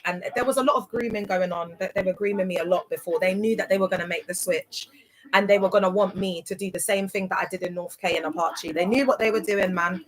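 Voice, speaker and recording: Medium in pitch, with a pushed, bright delivery, a young livestream host shares her story in a chatty, emphatic way, constantly checking "do you get it?" with her audience. The recording sounds rough.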